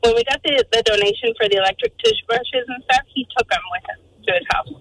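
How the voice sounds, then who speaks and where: A woman calling in to a radio show, telling a story quickly and acting out the voices of people in it. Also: fairly high pitch, low-quality recording. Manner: fast, animated, acts out quoted voices. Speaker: caller. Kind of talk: phone-in storytelling.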